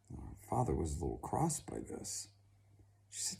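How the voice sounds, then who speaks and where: A man narrating a folk tale in a slow, dramatic, expressive storytelling manner. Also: rumbling low, gravelly, whispered.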